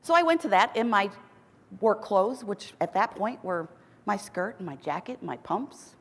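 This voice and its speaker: Lively, humorous woman speaking in a hall. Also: medium pitch, normal speed, husky. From United States. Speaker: keynote speaker. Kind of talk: storytelling keynote speech. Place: large conference hall. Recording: long reverb of a large hall.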